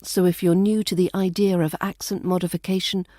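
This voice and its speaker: A woman with a British RP accent hosts a scripted podcast lesson, measured and quietly wry. Her tone is warm and mellow rather than bright. The recording is dry and close, with no room sound. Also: fairly low pitch, flat delivery, no echo. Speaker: accent coach and podcast host.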